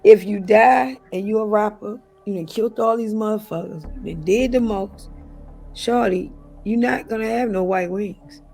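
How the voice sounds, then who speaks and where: Middle-aged woman guest, blunt and profane, mid-pitched, faint music behind. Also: moderate pace. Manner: blunt, profane, animated storytelling with mocking impressions. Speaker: interview guest. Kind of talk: casual interview talk.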